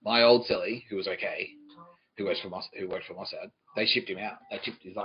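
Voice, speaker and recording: A man's voice: low voice, steady tone, fairly quick, muffled recording, soft background music. A man hosting a podcast, telling a rambling, profane comic story. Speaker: podcast host.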